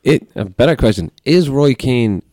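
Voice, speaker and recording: A man's voice: mid-range voice, animated, moderate pace, mellow, dry recording. A man co-hosting a sports podcast, questioning and argumentative in casual chat. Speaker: podcast co-host.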